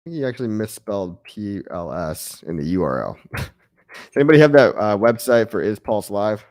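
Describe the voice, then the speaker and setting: A man's voice: lowish voice, big pitch swings, moderate pace, a little mellow, dry recording. Casual chatty male livestream host, dry sound. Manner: loose and chatty, keeps saying "guys", chuckles often. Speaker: livestream host reading viewer chat.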